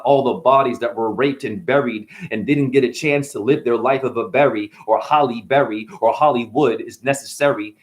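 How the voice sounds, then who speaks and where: A man delivers freestyle spoken-word rhymes, chaining puns in a restless stream-of-consciousness flow. His delivery lurches from low, quiet mutters to abrupt high-pitched bursts, his voice sitting at an ordinary male pitch in between.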